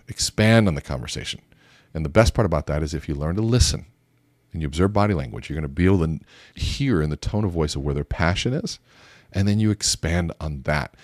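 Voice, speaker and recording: Deep-voiced man coaching conversation skills. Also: dry recording, clean studio sound. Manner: lively storytelling, acts out both sides of conversations. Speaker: communication coach. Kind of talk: teaching talk with acted-out examples.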